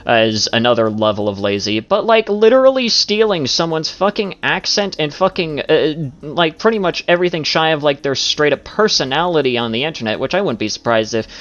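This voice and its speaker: A man's voice: fairly high pitch, lively intonation, fairly quick, few pauses, fairly bright tone. A man ranting in a commentary video, swearing often and filling his talk with "like" and "you know.". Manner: profane, filler-heavy with many "like"s. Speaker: commentary YouTuber. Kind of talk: rambling commentary rant. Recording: dull lo-fi audio.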